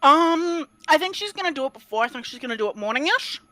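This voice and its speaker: A woman's voice: sits high, lively intonation, fast, pushed and bright, no echo. A woman playing a tabletop game, with wry, teasing remarks. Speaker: player.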